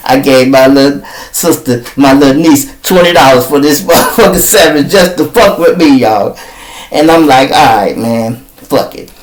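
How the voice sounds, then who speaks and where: A man, telling a long street story in a profane, animated way and often addressing his listeners as y'all. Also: on the high side, normal speed, rough recording. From Chicago. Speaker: storyteller host.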